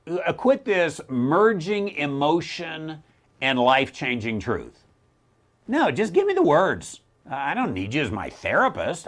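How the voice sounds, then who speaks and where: A middle-aged man hosts a Bible question show in a loose, conversational teaching style. His pitch swoops all over the place as he mocks ideas he dislikes with blunt, wry asides and short laughs at himself. His voice sits at an ordinary male pitch. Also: fairly bright tone. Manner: blunt and wry, with quick self-mocking laughs and mimicking asides. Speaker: pastor and theologian hosting a Bible Q&A show. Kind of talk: casual teaching talk.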